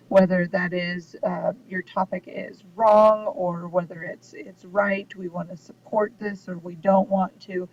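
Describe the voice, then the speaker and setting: A woman giving a recorded lesson on essay writing, explaining steadily with frequent ums and uhs. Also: medium pitch. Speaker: writing instructor. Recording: dull distant mic with faint hiss.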